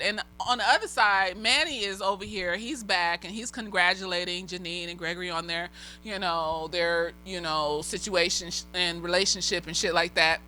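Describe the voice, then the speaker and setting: A woman's voice: medium pitch, pushed and bright, rough recording. A slightly tipsy woman recapping a TV episode in a rambling, casual way, swearing freely and laughing often. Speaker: TV episode reviewer.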